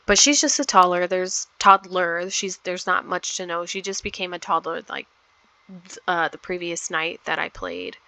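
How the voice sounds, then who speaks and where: A woman's voice: on the low side, expressive, moderate pace, gravelly, sharp tone, no room sound. A woman casually talking through her life-simulation gameplay, rambling with many fillers. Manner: chatty, rambling with many ums. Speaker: gameplay vlogger. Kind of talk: casual game commentary.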